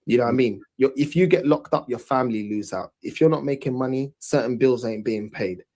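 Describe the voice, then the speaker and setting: A man's voice: mid-range voice, a little fast, darkish tone. A man speaks bluntly to his live chat. His talk is slangy and firm, and he keeps stressing the same points. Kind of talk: casual live-stream chat.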